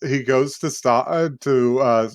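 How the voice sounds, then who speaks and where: A man's voice: medium pitch, unhurried, no echo, clean studio sound. A man casually recapping an anime episode on a podcast, laughing often as he retells scenes. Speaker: podcast co-host.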